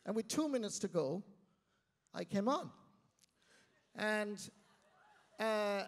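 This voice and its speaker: A middle-aged Irish man from County Clare, a guest telling self-mocking stories in an animated way on a live stage. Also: high-pitched, slow pace. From Ireland, County Clare. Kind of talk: storytelling interview. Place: live stage before an audience. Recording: long reverb of a live venue.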